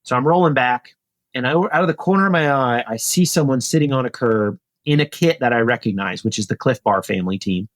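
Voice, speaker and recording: A retired pro cyclist in his forties, guesting on a podcast, tells a story casually and with animation, raising his voice to act out the dialogue. His voice is mid-range and fairly quick, captured with studio quality and no room sound.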